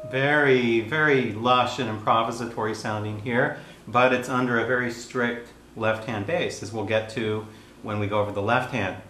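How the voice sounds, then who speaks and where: Man teaching piano in a roomy space. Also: medium pitch. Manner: calm, explanatory, pauses between played passages. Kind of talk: piano lesson with demonstration. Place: room with a piano. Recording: roomy sound with piano playing.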